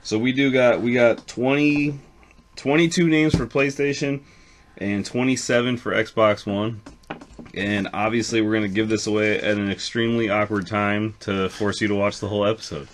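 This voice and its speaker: Laid-back low-voiced guy. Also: fairly even intonation, normal speed, slight background noise. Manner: laid-back, swears casually. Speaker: podcast co-host. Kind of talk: casual chat.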